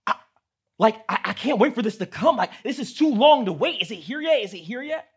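A man voicing an impatient, excitable male elephant from a children's book in a whiny, pleading reading voice. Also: quick pace, husky. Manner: whiny, pleading, high-pitched storybook voice.

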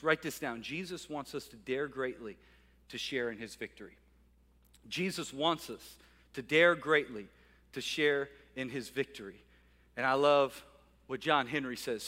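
High, bright-voiced energetic preacher. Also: male voice, normal speed. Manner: energetic, repetitive call-and-response preaching. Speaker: pastor. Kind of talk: sermon. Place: church. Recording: reverberant hall with faint music.

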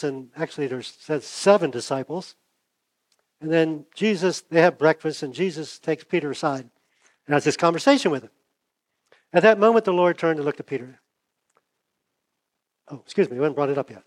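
A pastor with a fairly high voice preaches a conversational sermon, acting out the dialogue and swinging dramatically between loud and hushed. His voice is giving out.

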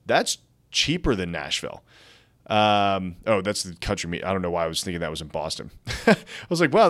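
On his casual real estate news podcast, a young man with a lowish, slightly bright voice reads articles aloud. He frequently breaks off for chatty asides, keeping the market news commentary informal.

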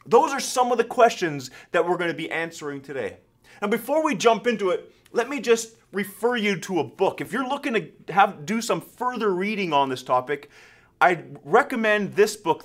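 Animated high-voiced man preaching. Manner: animated, storytelling, self-correcting. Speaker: pastor. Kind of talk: sermon-style talk.

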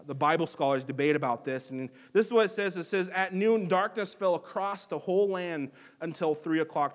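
A man with a notably high voice preaches a sermon as pastor. His delivery is earnest, dropping to hushed reflection and then rising into emphatic, raised passages.

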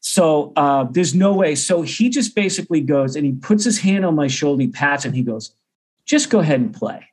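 A man's voice: on the high side, normal speed, hardly any pauses. A middle-aged man, a percussion teacher, telling a story casually and acting out the other people's voices. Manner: animated, acts out others' voices.

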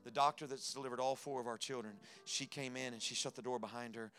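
A male pastor preaching in a church sanctuary, his voice at an ordinary middle pitch. He tells his story with feeling, dropping to near-hushed tones and then pushing hard and loud. Faint instrumental music sits underneath him. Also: steady tone, fast talker. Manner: personal storytelling, swings from hushed to loud and emphatic. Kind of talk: sermon.

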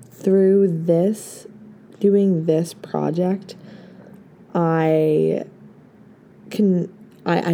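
A hoarse young woman in her late teens, a podcast host giving an earnest, effusive farewell full of thanks. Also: lowish voice, mellow, a little hiss or hum. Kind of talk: casual heartfelt farewell talk.

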